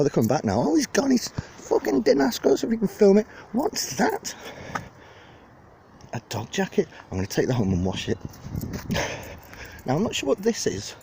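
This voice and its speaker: A man's voice: medium pitch, poor audio. A young man with a Liverpool-area accent, rambling and joking as he films a casual walking tour of a city park on his phone. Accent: Liverpool area (Widnes). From England. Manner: chatty, rambling, jokey and lively. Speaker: vlogger giving a walking tour. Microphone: handheld phone camera. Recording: phone video outdoors with clear wind and park noise.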